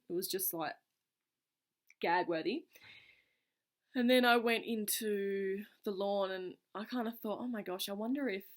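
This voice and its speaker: A woman vlogger casually telling a personal story to camera in an earnest, reflective way, her phrases running on loosely with many fillers. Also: medium pitch.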